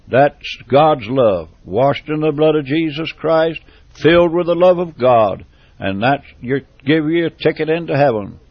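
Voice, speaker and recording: A man's voice: on the high side, dry recording, lo-fi sound. A man preaching a sermon, repeating phrases with emphatic, rising fervor.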